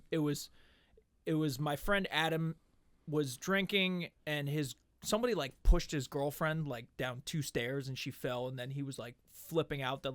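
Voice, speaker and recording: A man guesting on a casual podcast, telling stories with lively swearing and acting out other people's lines. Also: fairly high pitch, no echo. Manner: animated storyteller who acts out what others said; swears freely. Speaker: podcast guest, MMA striking coach and fighter. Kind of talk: casual podcast chat, storytelling.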